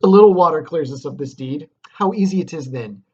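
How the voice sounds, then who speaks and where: A man's voice: a little high, animated, brisk, breathy edge, highs cut off, voice pushed up. A man reading aloud as a scheming, scornful noblewoman, raising his voice to scold. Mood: scornful commanding. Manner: raised, scolding, theatrical.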